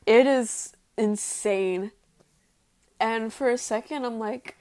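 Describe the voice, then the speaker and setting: Young woman, fairly high voice, dry close sound, unscripted racy storyteller with lots of "like" and swearing. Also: slow pace, warm tone, no echo.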